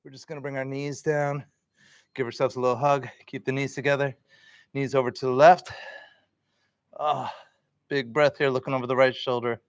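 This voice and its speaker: A male yoga teacher talks a class through poses and breaths in a calm, easygoing, encouraging way. His voice sits at an ordinary middle pitch. It is recorded dry and close, with no room echo. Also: moderate pace, pauses often, clear, resonant tone. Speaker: yoga instructor.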